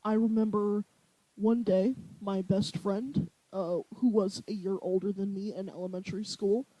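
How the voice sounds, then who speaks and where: A young co-host tells stories in an animated way, often breaking into laughter. The tone is warm and mellow at a mid pitch. The recording is dry and close. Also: dry recording, poor audio. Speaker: podcast co-host. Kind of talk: casual chat.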